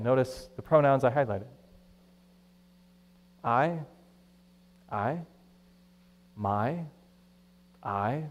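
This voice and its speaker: Pastor, male, mid-pitched, lively conversational preaching, long church reverb. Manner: conversational, animated, acts out quoted voices. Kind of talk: sermon.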